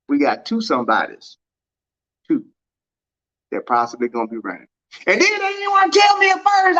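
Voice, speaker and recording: Animated man telling a story on a livestream. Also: low-quality recording. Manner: animated, acts out quoted dialogue with big pitch swings. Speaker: track and field livestream host. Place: at home.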